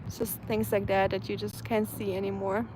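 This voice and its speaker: A woman's voice: mid-range voice, flat delivery, moderate pace, noisy background. A woman in her twenties from Germany with a German accent, chatting casually on an outdoor live stream and reading out viewer comments. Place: outdoors, feeding stray cats.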